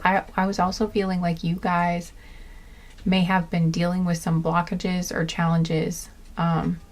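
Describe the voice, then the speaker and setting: A woman's voice: lowish voice, a little mellow. Woman, tarot reader, casual reading, rambling, gushing, tender. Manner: rambling, with many fillers and restarts.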